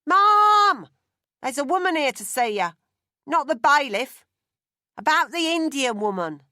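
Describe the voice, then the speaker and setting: A woman's voice: medium pitch, moderate pace, dry recording, clean studio sound, pitched above the performer's own voice, natural voice. A woman reading an audiobook, voicing a sullen working-class boy from London, who bellows and answers back. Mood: bellowing. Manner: bellowing, surly.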